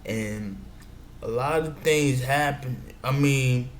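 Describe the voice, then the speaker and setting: A man's voice: medium pitch, slow. A man giving advice in a meandering casual monologue, often saying "you know what I'm saying". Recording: echoey room with faint background noise.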